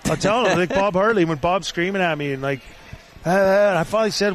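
A man's voice: a little high, brisk, a little hiss or hum. Rambling man telling stories, "like" everywhere. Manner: rambling, heavy use of "like". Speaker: podcast host. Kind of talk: casual storytelling chat.

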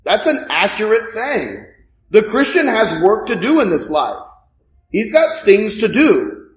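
A man's voice: high-pitched, wildly swooping pitch, unhurried, reverberant, poor audio. A male priest giving a sermon in a conversational way, asking rhetorical questions.

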